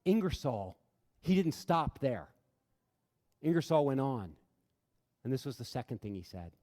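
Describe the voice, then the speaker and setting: A man giving an impassioned talk to an audience in a large room. He tells stories earnestly, building to loud, emphatic bursts and then dropping quiet. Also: mid-range voice, sing-song, measured pace. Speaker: speaker addressing an audience. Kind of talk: impassioned public talk with storytelling. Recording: reverberant hall sound.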